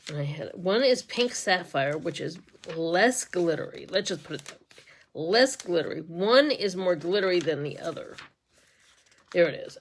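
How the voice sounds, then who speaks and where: A woman's voice: on the low side, fairly bright tone, a little hiss or hum. Woman beauty vlogger, casual and giggly, talks while doing her makeup on a phone camera, lots of restarts and murmured asides. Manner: chatty, giggly, trails off and restarts often. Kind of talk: casual get-ready-with-me makeup tutorial.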